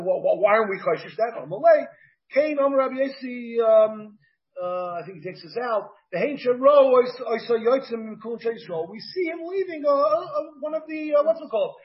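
A rabbi gives an animated Talmud lecture, his voice pitched high for a man. He keeps checking in with his students with quick "right?" asides. The recording sounds dull and lo-fi. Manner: animated, switches between English and Hebrew-Aramaic terms, frequent "right?" asides.

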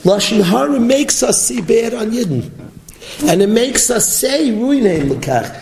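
A man giving a Torah class as a rabbi, animated and storytelling, mixing Hebrew and Yiddish terms into his talk. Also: extremely high pitch, a little slow, roomy sound, slight background noise, rough recording. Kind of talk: sermon-style Torah lecture.

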